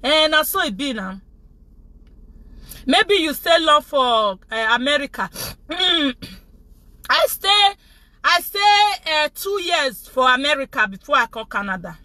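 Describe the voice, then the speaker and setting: A middle-aged Nigerian woman speaking Pidgin-tinged English, hosting a casual live chat with her viewers in an animated, repetitive way. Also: high voice, a little slow, pauses often, dry recording. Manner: animated, repetitive, laughing often. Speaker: vlogger, show host.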